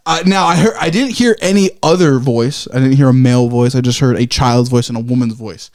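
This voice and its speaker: Talking fairly quickly with few pauses, a man with a darkish mid-range voice co-hosts a podcast and tells a rambling story. He keeps correcting himself, swears freely and acts out his reactions as quoted asides in this casual chat.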